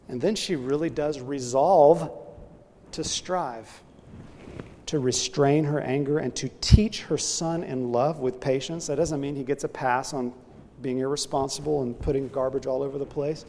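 A man's voice: medium pitch, steady tone, moderate pace, a little mellow, long reverb tail, slight background noise. A man preaching a sermon, earnestly illustrating his point with a story.

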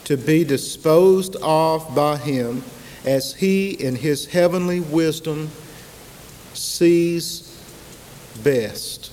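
Slow, deliberate male preacher. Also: a little high, darkish tone. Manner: slow, emphatic preaching with dramatic pauses and repetition. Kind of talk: sermon. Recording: long hall reverb, faint hiss.

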